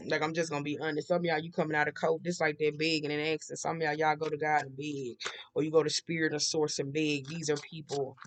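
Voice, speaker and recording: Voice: medium pitch, little pitch movement, fast talker, fairly bright tone. A tarot reader giving a casual monthly reading in a blunt, profane, rambling way, repeating the same tics and often checking in with the listener. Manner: blunt and profane, with frequent slang.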